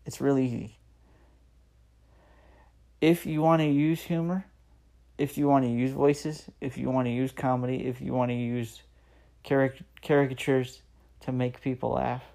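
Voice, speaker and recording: A man's voice: medium pitch, level tone, moderate pace, vocal fry, pauses often, warm tone. A man in his thirties hosting a solo podcast, talking earnestly and encouraging listeners, repeating phrases for emphasis. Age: 30s. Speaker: podcast host. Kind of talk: solo motivational podcast talk.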